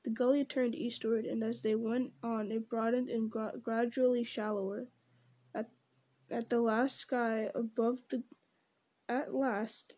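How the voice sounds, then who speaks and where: A woman narrating a storybook aloud with a steady, unhurried reading manner. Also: fairly high pitch. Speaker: audiobook reader.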